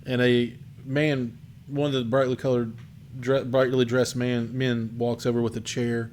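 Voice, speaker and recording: A man narrating as game master for a tabletop game, describing the scene slowly with fillers. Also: medium pitch, little pitch movement, darkish tone, slight background noise.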